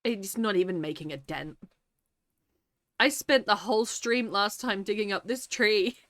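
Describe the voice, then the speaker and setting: A woman's voice: medium pitch, measured pace, fairly bright tone, no echo, studio quality. A woman streaming a game, chatting casually, reading her chat aloud and laughing often, sniffly and teary. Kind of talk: casual live-stream chat while gaming.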